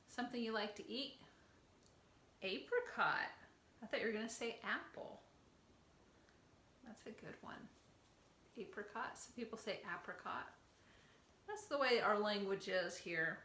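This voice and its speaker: A middle-aged teacher leads circle time for small children, speaking slowly and warmly praising each child. Her voice is bright and clear. The recording has a roomy echo and a faint hum of background noise. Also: mid-range voice. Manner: slow, gentle and encouraging, praising children by name. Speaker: preschool teacher. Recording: echoey room with faint ambient noise.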